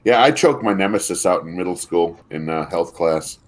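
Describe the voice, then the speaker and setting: A man with a fairly low voice tells stories in a loose, rambling way, often stopping to restart his sentences. He talks like someone in a relaxed podcast chat among friends. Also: moderate pace, a little hiss or hum. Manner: rambling storyteller with frequent restarts and laughter. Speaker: podcast co-host. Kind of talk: casual chat.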